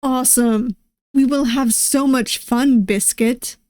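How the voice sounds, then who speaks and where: A man's voice: very high voice, fairly even intonation, takes it slowly, a little mellow, clean tone, dry recording, clean studio sound. A woman voicing a playful young male pirate weapons master who loves pranks, in a fan reading of a game's scenes. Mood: cheerful. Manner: bubbly, teasing.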